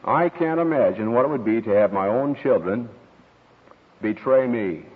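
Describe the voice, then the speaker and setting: A man's voice: mid-range voice, moderate pace. A man preaching a sermon, telling stories and acting out quoted voices as he teaches. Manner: storytelling, expressive with quoted voices. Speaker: pastor. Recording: tinny radio broadcast with long hall reverb.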